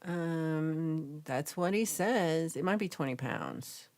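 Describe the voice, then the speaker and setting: A young woman hosting a casual livestream, reading viewer comments aloud and chatting in a lively, reactive way. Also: sits low, slow pace. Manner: chatty, reacts with gasps and laughs, animated. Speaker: livestream host reading chat.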